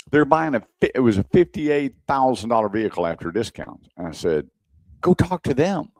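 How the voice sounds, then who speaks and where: A man's voice: medium pitch, sing-song, normal speed, a little mellow, no room sound. A man hosting a car radio show, telling a story in casual chat and acting out the dialogue. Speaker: radio show host, former car salesman.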